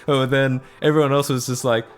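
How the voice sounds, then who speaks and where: A man's voice: medium pitch, level tone, brisk, faint music behind. A young Australian man with an Australian accent, chatting casually on a live stream, self-mocking and laughing often as he answers chat.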